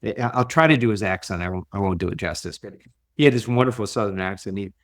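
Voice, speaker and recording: A man who works as a leadership coach, speaking as a podcast guest. He tells stories in an animated way and often repeats and restarts his words. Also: lowish voice, quick pace. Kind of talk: conversational interview storytelling.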